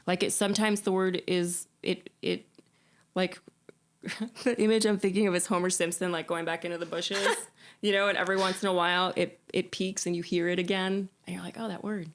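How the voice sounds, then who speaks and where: A woman musician being interviewed, telling stories in an animated way, often laughing and restarting her sentences. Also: fairly low pitch, a little fast. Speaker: musician guest. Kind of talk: casual interview chat.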